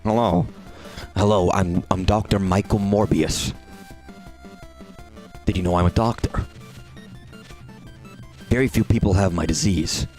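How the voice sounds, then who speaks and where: Man doing a pompous doctor, low, slow and droning, in a game stream bit. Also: steady tone, darkish tone, soft background music. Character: self-important male doctor repeating his name.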